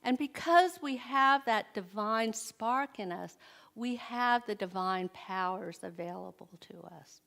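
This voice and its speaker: Middle-aged woman, church speaker: slow, unhurried sermon delivery, talks with the congregation and asks them questions. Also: a little high, creaky, a bit bright. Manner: conversational, asks the audience questions. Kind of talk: inspirational sermon.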